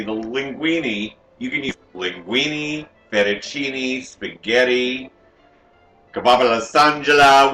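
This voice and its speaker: A man's voice: mid-range voice, bright, forceful tone, roomy sound. A man playing a sassy, campy woman home cook who hosts a comic cooking show from a home kitchen and teases the audience as she goes. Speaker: cooking show host character.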